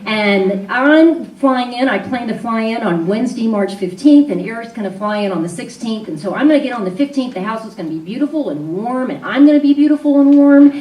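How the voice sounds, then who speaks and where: A woman's voice: fairly high pitch, expressive, a little fast, few pauses, a little mellow, slight background noise. A woman on stage in an arts venue, telling a personal story live, candid and conversational with frequent fillers. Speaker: storyteller and event host. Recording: roomy hall sound, voice from a distance.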